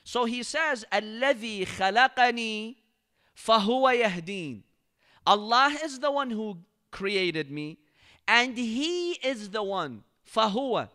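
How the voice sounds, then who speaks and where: A man's voice: high-pitched, very animated, slow, bright, forceful tone. A man giving a Ramadan lecture in a mosque as preacher, telling stories expressively and reciting Arabic verses.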